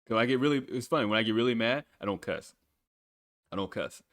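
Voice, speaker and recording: A man hosts his own podcast solo, rambling casually and swearing freely while he plugs his channels. His voice sits at medium pitch with a fairly bright tone, and he talks fast.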